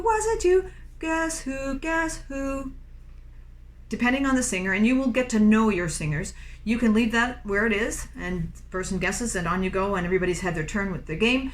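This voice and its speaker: A middle-aged woman music teacher, patiently explaining a classroom singing game and slipping into short sung phrases. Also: mid-range voice. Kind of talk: instructional talk with sung demonstrations.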